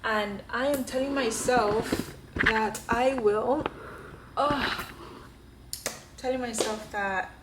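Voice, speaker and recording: A woman's voice: fairly high pitch, slow, pauses often, background noise. A young woman vlogging casually in her apartment, candid and self-reflective, often laughing as she talks into her camera. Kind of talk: casual vlog talk. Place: apartment, indoors. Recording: roomy indoor echo.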